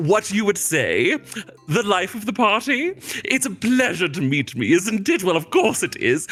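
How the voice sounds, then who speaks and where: A man's voice: sits high, sharp tone, pitched above the performer's own voice, full character voice. A man doing a pompous little showman god. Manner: grandiose announcer delivery. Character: theatrical toddler god, showman child.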